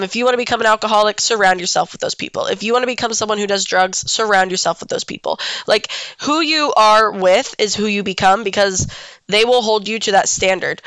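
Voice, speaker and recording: Candid young woman with a smooth voice. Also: medium pitch, a bit bright, no room sound, low-quality recording. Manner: candid, casual, swears freely. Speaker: podcast host. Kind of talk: personal storytelling podcast.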